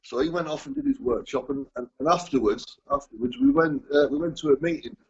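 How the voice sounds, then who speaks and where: A man from England, sharing his recovery story with a group in a halting way, often repeating words and chuckling. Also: a little high, big pitch swings, vocal fry, husky, dull audio. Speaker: recovery speaker. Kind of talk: personal testimony to a group.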